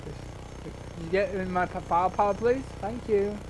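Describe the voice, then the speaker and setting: A man's voice: sits high, normal speed, background noise. A man streaming a game live, swearing constantly and grumbling in frustration as he plays. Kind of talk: live gameplay commentary.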